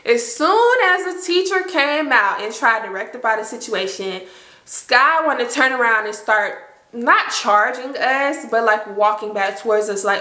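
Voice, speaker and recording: A young woman vlogger telling a storytime to her viewers in a casual, animated way, full of "like" and acted-out quotes. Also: a little high, unhurried, echoey room. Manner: animated, heavy use of "like", acts out quotes.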